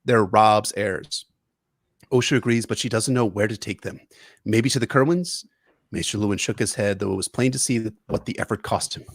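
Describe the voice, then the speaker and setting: A man's voice: on the low side, moderate pace, dry recording. A man in his young adult years, co-hosting a podcast and reading a chapter synopsis with earnest, emotional delivery. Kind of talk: book synopsis reading and chat.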